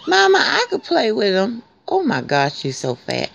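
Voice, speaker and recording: Woman cooing at puppies in lively baby talk. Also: fairly high pitch, normal speed, gravelly, hardly any pauses, noisy background. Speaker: pet groomer showing newborn puppies. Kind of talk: casual vlog talk to animals. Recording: dull lo-fi recording.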